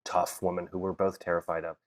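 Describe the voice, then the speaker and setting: A man's voice: sits low, flat delivery, quick pace. A middle-aged man, a podcast guest and actor, chatting casually and telling stories with frequent laughs, fillers and restarts. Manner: storytelling, laughs often, many fillers and restarts. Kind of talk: casual chat.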